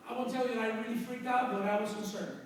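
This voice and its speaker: A man with a Spanish accent, a chiropractor, telling an animated story to an audience in a large hall, with sudden loud bursts. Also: very high-pitched, fast talker, very noisy. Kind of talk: storytelling talk to a live audience. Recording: echoey hall recorded from far off.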